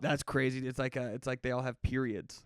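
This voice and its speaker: A man's voice: mid-range voice, level tone, fairly quick, clean tone, dry recording, clean studio sound. A man co-hosting a comedy podcast, telling rambling stories full of profanity in casual banter. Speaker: podcast co-host.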